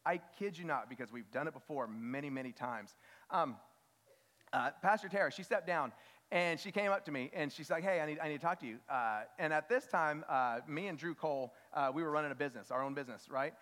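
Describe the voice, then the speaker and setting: A fairly high-voiced man in his thirties preaches in a church, with a long reverb trailing his words. He tells stories about himself with humor, then pushes up into loud, emphatic bursts. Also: a little fast. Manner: self-deprecating storytelling, rises to loud emphatic peaks. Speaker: children's pastor. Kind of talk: sermon. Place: church sanctuary.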